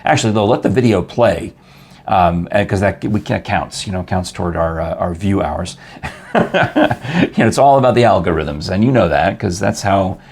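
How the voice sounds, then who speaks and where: A man's voice: low-pitched, expressive, moderate pace, darkish tone, breathy edge. An older man from New York hosting a casual interview show, chatty and rambling, laughing often. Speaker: talk show host.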